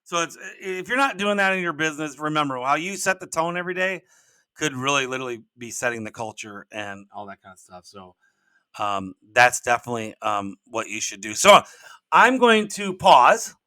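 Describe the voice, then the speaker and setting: An older man with a bright, forceful voice, hosting a solo podcast. He tells stories casually and rambles in a folksy way, often restarting with repeated words. The sound is dry and close, with little room in it. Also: fairly high pitch, animated, moderate pace, no room sound. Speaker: podcast host and business coach.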